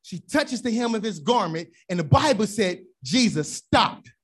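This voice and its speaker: A woman preaching a sermon, shouting with passion in a rhythmic call-and-response cadence and repeated refrains. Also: mid-range voice, expressive, unhurried, breathy edge.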